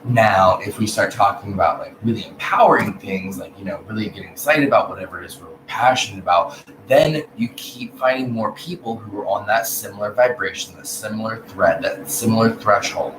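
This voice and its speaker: A man giving a casual, profane spiritual rant, blunt and animated, swinging between loud outbursts and low mutters. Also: brisk. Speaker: vlogger. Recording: echoey room with background noise.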